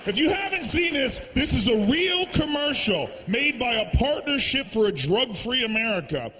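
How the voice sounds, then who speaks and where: A man doing a stand-up comedy set on a live stage, brash and profane, breaking into shouted rants into a handheld mic. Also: very high-pitched, big pitch swings, moderate pace, in a large hall. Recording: dull lo-fi live recording.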